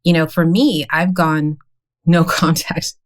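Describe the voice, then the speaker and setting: A woman's voice: sits low, fairly even intonation, takes it slowly. A woman co-hosting a podcast, speaking in a reflective, encouraging way. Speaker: podcast co-host. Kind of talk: casual podcast chat.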